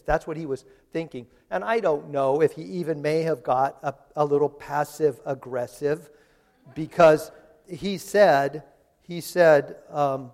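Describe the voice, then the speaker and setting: A man's voice: a little high, unhurried, darkish tone. A man preaching a sermon in a chatty, conversational way, retelling scripture in everyday voices. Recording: long hall reverb.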